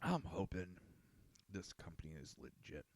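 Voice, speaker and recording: A male podcast host who rambles through a casual rant, cursing freely and sounding exasperated. His voice sits fairly low. The recording is dry and close, with no room echo. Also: very animated, a little slow. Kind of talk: casual ranting talk show.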